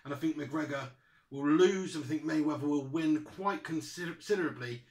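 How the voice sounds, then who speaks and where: Higher-voiced man in an echoey room. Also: brisk, darkish tone. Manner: blunt, agreeable, swears freely. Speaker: podcast co-host. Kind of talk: casual sports chat. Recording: roomy echo.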